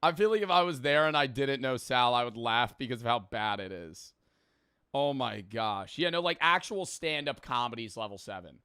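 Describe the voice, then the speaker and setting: A man's voice: medium pitch, expressive, moderate pace, bright, forceful tone, clear, resonant tone, no room sound, studio quality. A young man streaming and reacting to videos, rambling, laughing and swearing casually.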